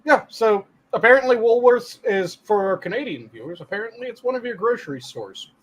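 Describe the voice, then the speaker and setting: A man's voice: high-pitched, lively intonation, brisk. A man co-hosting a podcast, chatting casually and explaining bits of trivia he looked up. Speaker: podcast co-host. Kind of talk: casual chat.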